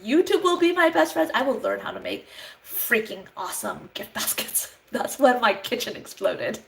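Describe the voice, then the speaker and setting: A woman in her thirties from Canada, telling a story to camera in a chatty, animated way and acting out both sides of phone calls. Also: on the high side, normal speed, gravelly, a little hiss or hum, low-quality recording. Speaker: vlogger, Avon sales representative.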